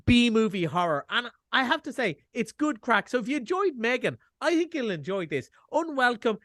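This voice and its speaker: This Irish film reviewer, a middle-aged man, chats casually on a radio show via video call with a wry, self-deprecating humor. He has a high, slightly bright voice, captured in a dry, clean studio recording.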